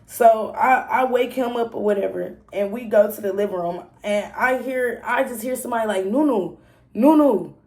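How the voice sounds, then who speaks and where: Gravelly-voiced young woman telling a story. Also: on the high side, moderate pace, few pauses. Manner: blunt, profane, talks straight to viewers. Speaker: vlogger. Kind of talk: casual storytime monologue.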